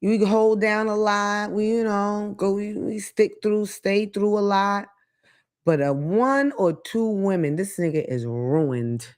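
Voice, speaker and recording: A woman hosts her own talk show, ranting casually with blunt, profane commentary in animated bursts. Her voice is medium-pitched and slow.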